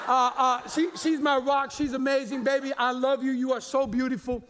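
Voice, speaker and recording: Man in his forties, very high voice, pastor preaching in a loose, jokey, stumbling way. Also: little pitch movement, moderate pace, a bit bright. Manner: chatty and jokey, with many repeated words and fillers. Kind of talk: sermon.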